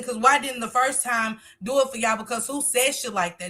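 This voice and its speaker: A woman's voice: a little high, normal speed, few pauses, pushed and bright. A woman hosting a casual live stream, talkative, reading viewer comments aloud and answering them.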